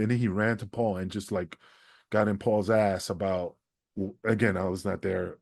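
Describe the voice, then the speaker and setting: A man's voice: fairly low pitch, normal speed, vocal fry, no room sound, studio quality. A man, a former wrestler, telling stories as a podcast guest, swearing freely and acting out what others said. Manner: profane, animated storyteller who acts out quoted people. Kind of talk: storytelling interview.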